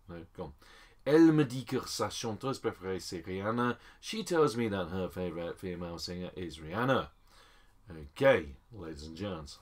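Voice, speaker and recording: A man teaching French phrases in a chatty lesson, calling the class ladies and gents and slowing down for each French phrase. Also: deep voice, a bit bright. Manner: slows down to spell out French phrases. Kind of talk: screen-recorded language lesson.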